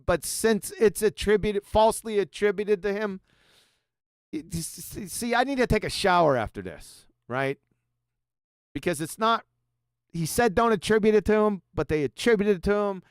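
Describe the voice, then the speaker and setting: A combative, sarcastic man hosts a livestream, reading passages aloud and mocking them. His voice sits high and swoops animatedly, and it is recorded close and dry with no room sound. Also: expressive, moderate pace, smooth, no room sound. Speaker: host.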